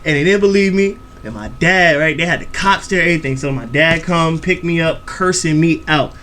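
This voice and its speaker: Young guy storytelling on his channel, high voice, cussing, laughing lots, a little background hiss. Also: moderate pace. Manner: animated, profane, laughing storytelling. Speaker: YouTube reaction host. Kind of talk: storytelling vlog chat.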